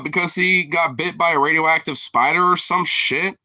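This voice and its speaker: Bright, rambling, profane casual man. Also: a little high, moderate pace, no echo. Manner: rambling, profane, heavy on fillers; laughs often while talking. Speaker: streamer host. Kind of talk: casual chat.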